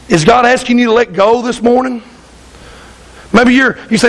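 Male pastor, very high voice, emphatic repetitive sermon delivery. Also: normal speed, low-quality recording. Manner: emphatic, repetitive, keeps asking "Amen?".

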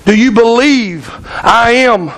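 Calm, slow voice of God from above, acted by a preacher, high-pitched. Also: male voice, full character voice. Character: God speaking calmly from above. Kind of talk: acted story in a sermon.

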